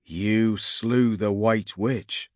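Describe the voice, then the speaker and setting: A man reading a storybook voices a defeated male hunter in a solemn, measured, resigned manner. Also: on the low side, fairly even intonation, dry recording, studio quality.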